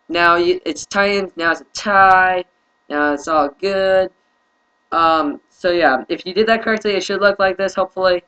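A man's voice: high voice, sharp tone, clean tone, rough recording. A young man giving a casual how-to tutorial, tired and hesitant, often apologizing and filling gaps with "um". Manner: hesitant, apologetic, many fillers. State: tired, yawning. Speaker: video host.

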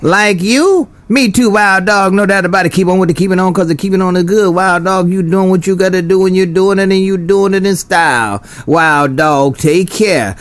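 A man's voice: high voice, moderate pace, few pauses, fairly bright tone. A man on CB radio, chatting in a folksy, repetitive way and calling the other driver by his handle over and over. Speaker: CB radio operator.

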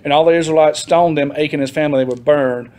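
A man's voice: a little high, fairly even intonation, fast, darkish tone, clear, resonant tone. A man teaching a Sunday school class, reading scripture and retelling it in a chatty way, laughing often and asking the class questions. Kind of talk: casual Bible teaching.

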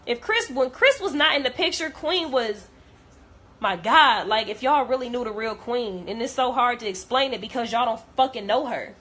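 Young woman vlogger, husky and raw, venting hurt bluntly with plenty of swearing. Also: fairly high pitch, animated, normal speed, bright, forceful tone. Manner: blunt, profane, hurt and heartfelt. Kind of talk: emotional rant to camera.

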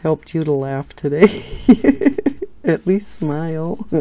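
A middle-aged woman with a low, mellow voice and a measured pace hosts a coloring channel. She chats casually while coloring, telling stories and laughing often.

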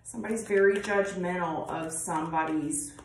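A woman's voice: fairly low pitch, fairly even intonation, moderate pace. A woman giving a casual tarot reading, talking bluntly and rambling, with frequent swearing. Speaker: tarot reader. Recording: roomy, distant mic, faint noise.

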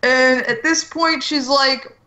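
Bright-voiced woman narrating her character. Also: sits high, fairly even intonation, slow pace, highs cut off. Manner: giggly, filler-heavy with like. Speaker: player.

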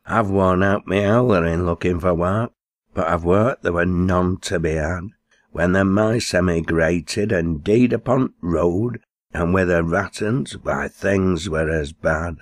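Slow deep-voiced Lancashire man reciting. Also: dry recording, studio quality. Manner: recites broad dialect verse, lifting his voice for quoted characters. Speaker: poetry reader. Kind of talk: dialect poetry recitation.

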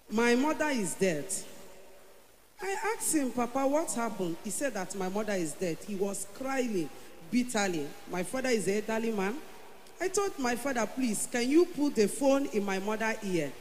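A Nigerian woman giving an emotional church testimony, growing fervent and loud as she declares her prayers. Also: on the high side. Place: large church hall. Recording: echoey church hall, faint hum.

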